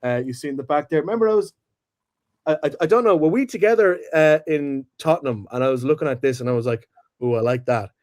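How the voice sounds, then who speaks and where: A young man co-hosting a sports podcast, chatting excitedly and swearing freely. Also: a little high, fast talker. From Ireland or UK. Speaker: podcast co-host. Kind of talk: casual chat.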